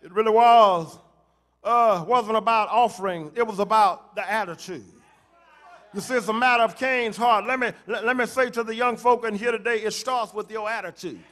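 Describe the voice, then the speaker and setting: A man preaches a church sermon. His voice sits very high and rings bright and forceful. He builds on repeated phrases and lets them swell into shouts. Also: moderate pace. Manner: rhythmic preaching with repetitions and shouted climaxes. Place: church sanctuary.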